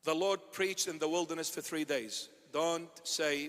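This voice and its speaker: A man, a bishop, preaching an impassioned sermon that swings between loud and hushed. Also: on the high side, fairly even intonation, measured pace. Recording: long hall reverb.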